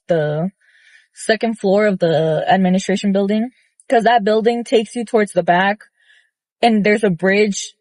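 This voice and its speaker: A woman's voice: mid-range voice, dry recording. Blunt young woman ranting, dry sound. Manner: blunt, profane, animated retelling with many fillers. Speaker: vlogger. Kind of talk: casual storytelling rant.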